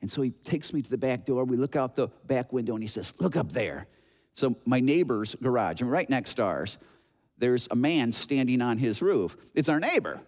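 A man in his sixties from Chicago, preaching a sermon as an animated storyteller who acts out noises and voices. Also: medium pitch, moderate pace. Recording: long hall reverb.

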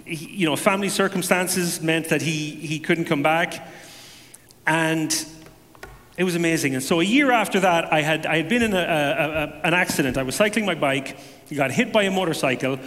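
A man giving a personal testimony to a congregation, telling it as an animated story with self-deprecating humor. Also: fairly high pitch, long reverb tail.

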